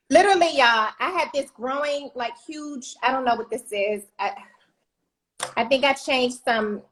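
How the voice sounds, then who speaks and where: A woman's voice: high voice, normal speed, a bit bright, rough recording. A woman co-hosting a casual talk show, blunt and fiery as she speaks her mind. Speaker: co-host.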